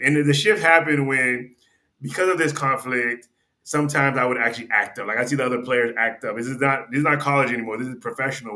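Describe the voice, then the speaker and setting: A man's voice: mid-range voice, bright, forceful tone. A man guest on a podcast, telling a long story in a casual, rambling way, restarting sentences and acting out what people said. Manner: rambling, restarts sentences, acts out quoted dialogue; conversational, with frequent "you know" and "like".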